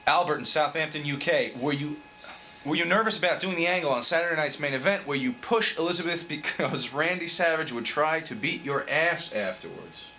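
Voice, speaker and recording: A man's voice: fairly high pitch, brisk, bright, forceful tone. A man hosting an interview, reading out fan questions in a casual, conversational way. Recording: faint background noise.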